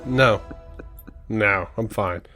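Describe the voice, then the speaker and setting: A man's voice: lowish voice, drawn-out words, pushed and bright, soft background music. Sleepy, laid-back podcast co-host man. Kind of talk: casual chat. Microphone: headphones and home mic.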